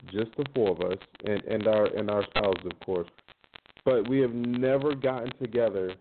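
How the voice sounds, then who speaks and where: Man in his thirties over a phone line. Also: on the low side. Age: 30s. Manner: conversational, many fillers, laughs while telling stories. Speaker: guest panelist. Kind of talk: casual chat. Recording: tinny phone line with faint noise.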